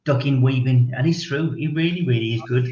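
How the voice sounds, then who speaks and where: A man's voice: medium pitch, brisk, dark tone. Enthusiastic, teasing man; dull, echoey call sound.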